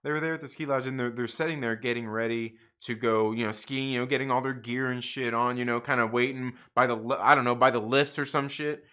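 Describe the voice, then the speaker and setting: A man's voice: mid-range voice, steady tone, quick pace, few pauses, bright, forceful tone, clear, resonant tone. A man hosting a live stream, telling a rambling, profane story with lots of restarts and laughter. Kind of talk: casual storytelling monologue.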